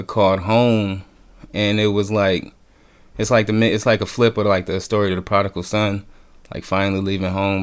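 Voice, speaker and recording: A man's voice: sits low, clear, resonant tone. A young man chatting casually as a podcast guest, laid-back, laughing often and swearing freely. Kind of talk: casual chat.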